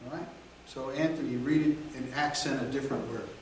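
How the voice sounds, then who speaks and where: A man teaching a real estate class, lecturing in a slow, deliberate and emphatic way. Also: medium pitch, steady tone, a little hiss or hum. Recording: echoey classroom from far off.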